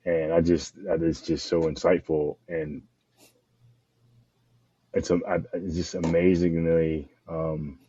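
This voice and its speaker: Deep-voiced male host, dull dry sound. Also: little pitch movement, dark tone, slightly rough. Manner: halting, frequent affirmations. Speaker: podcast host. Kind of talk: interviewing, affirming.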